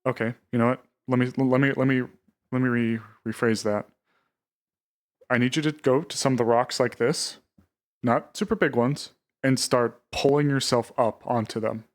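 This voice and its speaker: A man of mid pitch speaks in a roleplay game as a mentor figure. He repeats words in quick runs to soothe and steer another player. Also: steady tone. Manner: repeats words in rapid strings. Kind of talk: roleplay game character talk.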